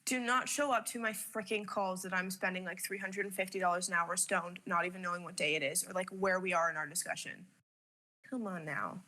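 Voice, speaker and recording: A woman's voice: on the low side, fairly even intonation, a little fast, bright, forceful tone, slight background noise. A young woman from Canada chatting casually about her business, candid, swearing freely and laughing often. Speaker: business owner sharing advice. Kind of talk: casual chat.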